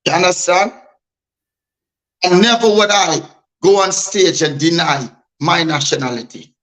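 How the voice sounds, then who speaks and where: A man's voice: sits high, measured pace, fairly bright tone, rough recording. A man from Guyana with a Guyanese Creole accent, a DJ guest speaking bluntly and emphatically in an interview. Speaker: DJ and artist guest. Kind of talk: candid interview talk.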